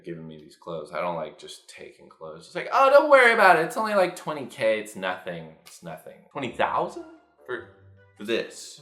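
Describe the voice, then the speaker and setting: A young man telling a casual, profane dream story, jumping into loud high-pitched impressions. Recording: echoey room with faint music.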